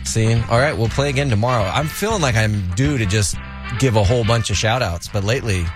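A man's voice: lowish voice, brisk, over music. A man co-hosting a morning radio show, telling stories with mock exasperation, in a studio. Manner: animated storytelling, mock-exasperated. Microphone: studio mic.

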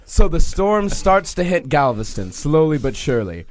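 A man's voice: a little high, very animated, normal speed. A man telling a history story for laughs, reading it aloud with jokey asides. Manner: reads a history tale aloud with jokey asides and voiced quotes.

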